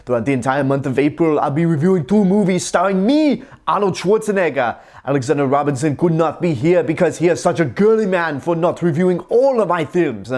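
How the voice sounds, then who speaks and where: A man's voice: fairly high pitch, lively intonation, brisk, hardly any pauses, darkish tone, lightly acted. A man impersonating a brash action star. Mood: boastful. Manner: strained, throaty, boastful impression. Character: boastful muscle-bound male action star, brash. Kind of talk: comedic celebrity impression.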